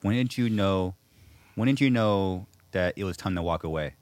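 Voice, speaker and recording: A man's voice: low-pitched, moderate pace, a little mellow, no echo. A man hosting a podcast, mostly giving brief reactions and asking short questions. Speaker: podcast host. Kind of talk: casual interview.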